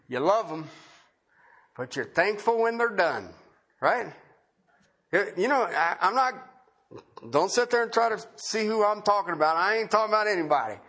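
Animated high-pitched male preacher. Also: slightly rough. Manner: conversational, rhetorical questions, repeats key phrases. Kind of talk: sermon.

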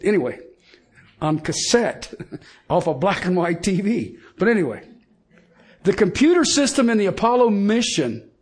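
A middle-aged man preaching a sermon in a folksy, emphatic way, swinging from loud points to hushed lines. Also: sits high, slightly rough. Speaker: pastor.

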